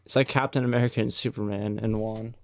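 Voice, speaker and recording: A man's voice: fairly low pitch, fairly even intonation, fast. A young man hosting a reaction video, chatting casually with rambling sarcastic asides and casual swearing, close to a desk mic.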